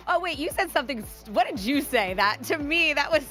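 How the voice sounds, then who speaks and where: A woman's voice: sits high, lively intonation, a little fast, a bit bright, faint music behind. A woman co-hosting a radio show, telling stories animatedly, quoting others and laughing a lot on a studio microphone. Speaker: radio co-host. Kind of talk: casual radio banter.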